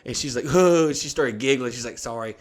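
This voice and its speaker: A man's voice: mid-range voice, brisk. A young man hosting a podcast, telling a long comic story in a casual, profane way and acting out the people in it. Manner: profane, animated, acts out quoted people. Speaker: podcast host.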